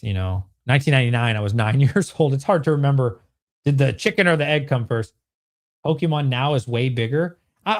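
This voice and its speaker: A man in his thirties hosting a livestream Q&A, excitable and swearing often as he rants at his chat. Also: mid-range voice. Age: 30s. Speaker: streamer host.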